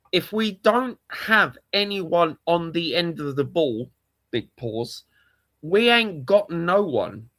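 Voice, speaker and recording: A man's voice: fairly high pitch, fairly bright tone, dry recording. A man with a London accent ranting on a casual livestream, exasperated and repetitive, swearing often. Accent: London English. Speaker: live streamer, football fan.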